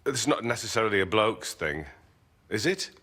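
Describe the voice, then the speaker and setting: A man's voice: fairly low pitch, expressive, normal speed, bright, forceful tone. A man, a comedian telling dry, rambling anecdotes in a casual interview and chuckling at his own stories. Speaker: comedian guest.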